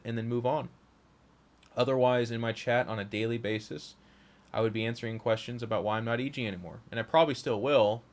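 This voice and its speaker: A young man speaking frankly to his audience about his career, rambling and often restarting his sentences. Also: medium pitch. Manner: frank, rambling, self-interrupting. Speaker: streamer and caster. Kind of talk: candid monologue to camera.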